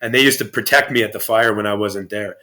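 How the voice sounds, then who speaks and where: A man's voice: lowish voice, fast, bright, forceful tone. A man guest on a podcast interview, telling stories in a rambling, profane way with many restarts. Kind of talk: casual storytelling interview.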